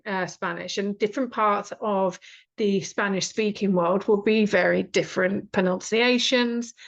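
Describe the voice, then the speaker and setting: A British woman teaching an online writing class, talking in a chatty way with frequent ums and lively asides. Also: mid-range voice, lo-fi sound. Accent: British English. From Britain. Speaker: writing course instructor. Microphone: video call.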